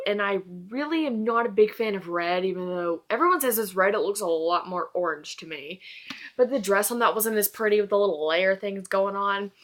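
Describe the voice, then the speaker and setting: Young adult woman, casual book reviewer, gushing and rambling, mid pitch. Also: fairly bright tone. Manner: gushing, rambling fangirl talk. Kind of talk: casual chat.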